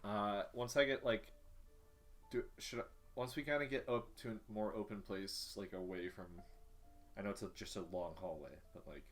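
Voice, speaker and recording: A man's voice: lowish voice, moderate pace, faint music behind. A man talking as a player in a tabletop role-playing game, hesitant and full of fillers. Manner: hesitant, lots of fillers and restarts. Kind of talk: casual tabletop role-play.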